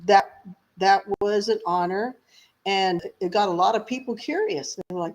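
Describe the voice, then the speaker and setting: A woman singer being interviewed, telling stories in a lively, chatty way and laughing often. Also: mid-range voice, normal speed. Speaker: singer guest. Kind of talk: casual interview chat.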